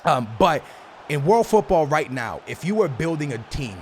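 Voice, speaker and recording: A young man giving casual gameplay commentary as a gaming YouTuber, animated and slangy, talking straight to his viewers as bro and man. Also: a little high, normal speed, slight background noise. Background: faint background music.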